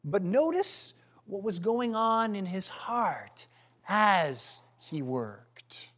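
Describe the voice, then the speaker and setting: A man preaching a sermon, earnest and questioning, with dramatic pauses and some restarts. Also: sits high, sing-song, a bit bright.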